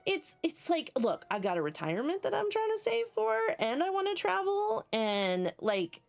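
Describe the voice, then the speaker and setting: Chatty woman streamer, lively swing. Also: extremely high pitch, moderate pace, gravelly. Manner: rambling, swears freely, laughs often, greets chat by name. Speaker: live streamer chatting with viewers. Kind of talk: casual chat. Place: home basement.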